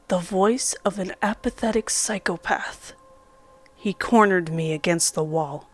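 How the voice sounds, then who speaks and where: A woman reading a first-person horror story in a measured, dramatic way, sometimes dropping into a whisper. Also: fairly low pitch. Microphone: studio condenser mic.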